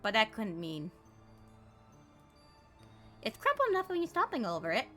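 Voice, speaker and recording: A woman's voice: on the high side, normal speed, faint music behind. A woman streamer reading a game's text aloud and joking about it as she plays. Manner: animated, jokey, mocks the game text. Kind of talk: reading game text aloud with playful commentary.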